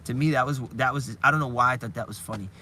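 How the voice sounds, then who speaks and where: Talking fast in a medium-pitched voice that sounds pushed and bright, a man chats casually on a live stream over a bit of hiss or hum. His talk meanders with frequent restarts, and he chuckles occasionally as he retells scenes.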